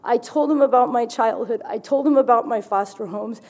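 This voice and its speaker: A woman speaking to a recovery meeting, her voice fairly high yet mellow and warm. She tells her story frankly and vividly, slipping in wry humor as she goes. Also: moderate pace. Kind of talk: personal testimony to an audience.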